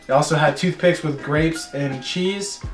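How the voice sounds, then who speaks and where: A young man in his teens telling a story in a casual vlog, animated and chatty, slipping into silly voices now and then. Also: on the high side, a little slow, echoey room, soft background music. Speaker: storytelling vlogger.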